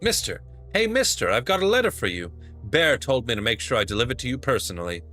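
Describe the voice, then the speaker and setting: A man's voice: medium pitch, big pitch swings, quick pace, pushed and bright, faint music behind. A man voicing a pushy, rude young boy delivering a letter in a video game. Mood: eager. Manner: wheedling, taunting.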